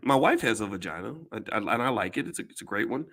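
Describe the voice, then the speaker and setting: A man's voice: lowish voice, sing-song, quick pace, background noise. A man giving casual commentary to his audience, blunt and emphatic, with some swearing, often repeating words and restarting his sentences.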